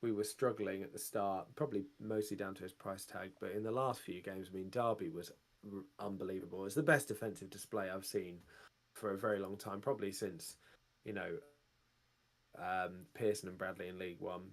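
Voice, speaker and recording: A man's voice: deep voice, steady tone, fairly quick. A man co-hosting a football fan phone-in, chatting casually and reflectively, with plenty of fillers. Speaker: podcast co-host.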